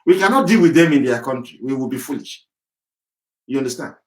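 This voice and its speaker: A man's voice: mid-range voice, animated, a little fast, darkish tone, low-quality recording. Angry ranting man. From southwest Nigeria (Yorubaland). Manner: angry, ranting, emphatic, repetitive. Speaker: political campaigner. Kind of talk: impassioned political monologue.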